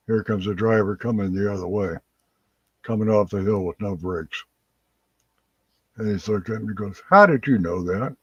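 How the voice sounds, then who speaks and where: A man with a fairly low, husky voice hosts a live call-in chat show, casually telling folksy stories and laughing as he goes. The recording is dry, with a dull lo-fi sound.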